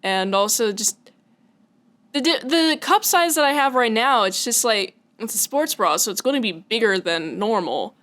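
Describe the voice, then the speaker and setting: A woman's voice: on the high side, expressive, normal speed, a bit bright. Chatty, giggly woman on a podcast. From Washington state, US. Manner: giggly, chatty, with many fillers. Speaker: podcast co-host. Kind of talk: casual chat.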